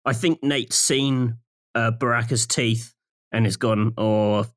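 A man's voice: mid-range voice, steady tone, slow, a bit bright. A man co-hosting a podcast, chatting casually with incredulous reactions and frequent laughter. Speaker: podcast co-host. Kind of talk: casual comedic chat.

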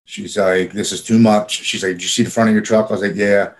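Low-voiced man telling his story plainly. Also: steady tone, fast. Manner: plainspoken, profane, frequent fillers. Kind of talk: casual personal storytelling.

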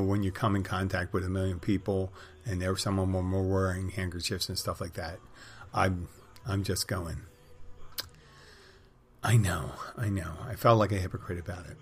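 A man's voice: deep voice, level tone, normal speed, fairly bright tone, soft background music. A middle-aged man hosting a podcast, telling wry, crude, rambling stories in a casual monologue. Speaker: podcast host.

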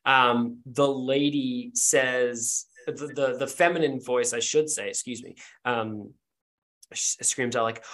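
A man's voice: medium pitch, fairly even intonation, a little slow, a bit bright. Brief: a man in a middle register, a loose and rambling tabletop game narrator. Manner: rambling, full of ums and likes. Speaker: game master.

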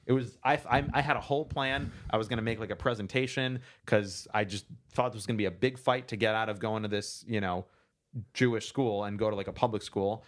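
A man's voice: on the low side, fast. A young man casually telling a long story, acting out quotes along the way. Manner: animated storyteller, acts out quotes.

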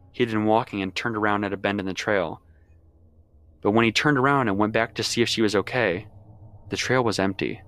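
A young man with a somewhat low voice recounts a true-sounding horror tale in the first person. He talks casually and swears constantly, like a friend telling it late at night. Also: fairly bright tone. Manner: casual and heavily profane. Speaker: storyteller.

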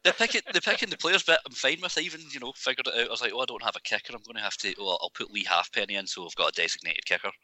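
A man's voice: medium pitch, racing, hardly any pauses, sharp tone, no room sound, rough recording. A man co-hosting a podcast in casual chat, rambling and self-deprecating. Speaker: podcast co-host.

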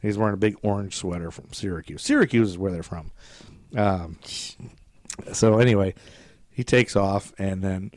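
A man's voice: low-pitched, normal speed, pauses often, darkish tone. A man hosting a podcast, retelling a story in rambling casual chat and acting out quotes with swearing. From Scottish descent, grew up in America. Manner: rambling, acts out quotes in shifting voices, swears freely. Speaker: podcast host.

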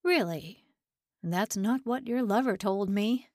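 A woman's voice: medium pitch, slow pace, a little mellow, dry recording, studio quality. A woman voicing a cold, menacing young male interrogator. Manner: cold, sneering questioning.

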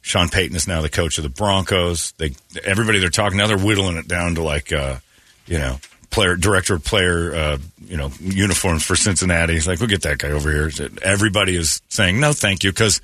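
A man's voice: low-pitched, a little fast, no room sound. A middle-aged man hosting a morning radio show, joking and sarcastic in casual banter. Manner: joking, sarcastic, animated delivery. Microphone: studio microphone.

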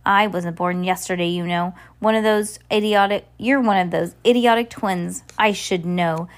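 A woman's voice: mid-range voice, steady tone, moderate pace, close to an everyday voice. A woman reading aloud, voicing a scheming, sneering villainous man from a storybook. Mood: boastful. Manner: sneering, boastful.

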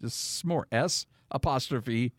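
A man's voice: medium pitch, slow pace, dry recording, studio quality. A man hosting a radio show, bantering casually with his co-host in a joking way and reading sponsor plugs.

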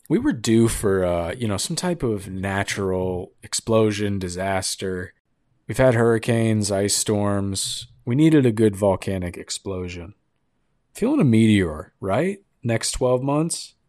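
A man's voice: fairly low pitch, darkish tone, no echo, studio quality. A young man hosting a podcast, riffing on the news in a sarcastic, rambling, jokey way. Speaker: podcast host. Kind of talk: casual comedic podcast monologue.

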